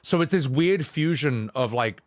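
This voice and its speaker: A man's voice: medium pitch, animated, a little slow, no room sound. A male streamer ranting casually, blunt and emphatic, swearing often. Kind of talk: casual rant while gaming.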